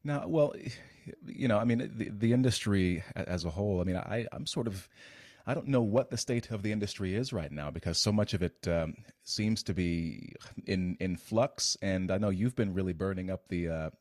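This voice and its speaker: Deep-voiced, halting male host. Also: darkish tone, dry recording, clean studio sound. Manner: halting, repeats words while thinking. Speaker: interview host. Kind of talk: conversational interview.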